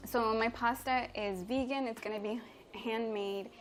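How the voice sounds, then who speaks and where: A woman's voice: a little high, fairly even intonation, a little slow. A young woman from Mexico, a native Spanish speaker, chatting casually with viewers on a livestream from her home kitchen, bubbly and giggly. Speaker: livestreamer and chef. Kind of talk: casual livestream chat reading comments.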